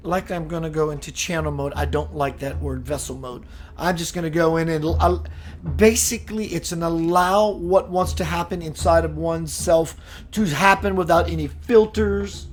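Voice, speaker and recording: A man hosting a live-streamed spiritual talk, greeting viewers, reading their comments and shifting into slow, preachy passages. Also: on the high side. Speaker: spiritual livestream host.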